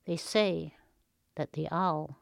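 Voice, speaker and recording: A woman storyteller telling a folk tale with expressive, dramatic pauses. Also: deep voice, vocal fry, no room sound, studio quality.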